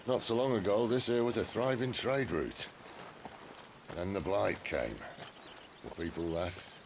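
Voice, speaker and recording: An actor playing a gruff, wry middle-aged rebel leader with a Northern English accent, speaking in a dry, commanding way. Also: male voice, lowish voice, unhurried. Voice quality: gravelly. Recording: game audio with rain noise.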